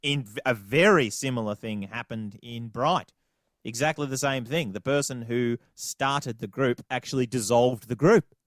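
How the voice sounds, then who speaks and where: A man's voice: mid-range voice, moderate pace, no room sound, studio quality. A man with an Australian accent co-hosting a podcast, bantering in a playful, mock-serious way. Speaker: podcast co-host. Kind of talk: casual comedic podcast chat.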